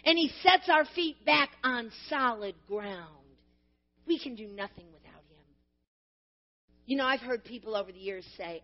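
A woman's voice: on the high side, animated, normal speed, dull audio. A middle-aged woman preaching a sermon, earnest and personal, with laughing asides and fervent emphasis.

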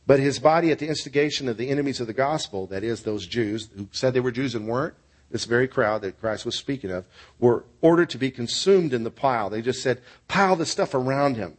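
A male pastor delivers a sermon, earnest and steady as he tells stories to his congregation. His voice sits at an ordinary middle pitch, and he moves from storytelling into prayer. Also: brisk.

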